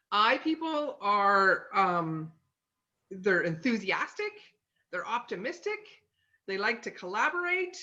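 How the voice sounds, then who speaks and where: Pushed and bright, her slightly high voice comes through a muffled recording as she, a sales consultant, casually teaches personality types from her home office. Her manner is chatty, loaded with fillers and frequent "okay?" check-ins.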